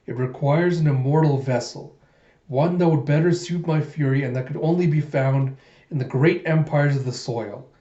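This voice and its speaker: A man voicing a furious, vengeful male samurai robot warrior in a grave, slow declaiming way. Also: a little high, dark tone, natural voice. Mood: grim. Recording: roomy, muffled home recording.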